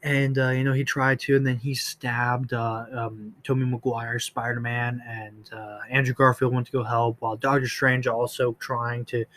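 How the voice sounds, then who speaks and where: A man giving a casual movie review, excitable and gushing, full of fillers and restarts. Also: medium pitch, moderate pace, hardly any pauses.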